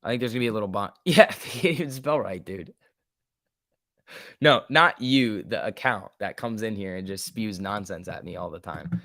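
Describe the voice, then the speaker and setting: A young man hosting a casual stock trading livestream, joking and reading chat aloud, his voice swinging between loud and soft. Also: fairly low pitch, moderate pace, gravelly, no echo, studio quality.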